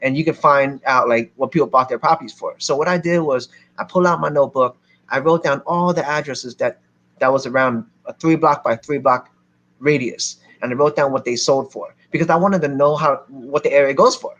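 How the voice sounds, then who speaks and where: A man from Philadelphia telling a lively story to a seminar audience as a real estate investor, acting out the people in it. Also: medium pitch, fairly quick, highs cut off. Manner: animated, acts out other people's lines.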